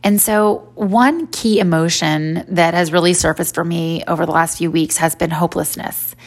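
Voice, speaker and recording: A woman's voice: fairly low pitch, fairly even intonation, moderate pace. A woman in her forties giving a faith-based personal talk in a conversational way, with many "you know" fillers. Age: 40s.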